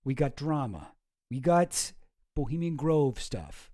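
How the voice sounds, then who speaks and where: A man's voice: medium pitch, big pitch swings, slow pace, mellow, no echo, clean studio sound. A man hosting a casual stream, rambling and jokey, often stopping himself mid-sentence. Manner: rambling, self-interrupting, jokey. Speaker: streamer host. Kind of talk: casual chat.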